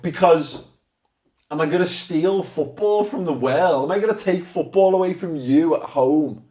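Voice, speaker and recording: A man with a Scouse accent answering fan questions in casual, sweary, animated chat. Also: a little high, echoey room, far from the mic. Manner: sweary, animated, laughs a lot.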